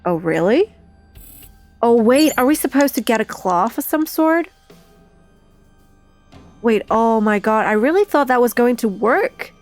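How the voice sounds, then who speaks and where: A woman giving casual let's-play commentary, thinking aloud in an unhurried, chatty way. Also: on the high side, animated, a little mellow, soft background music. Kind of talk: casual game playthrough commentary.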